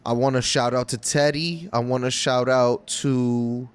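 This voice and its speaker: Man, podcast co-host, mid-pitched, jokey, playful. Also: fairly even intonation, measured pace, clean tone. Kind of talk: casual chat.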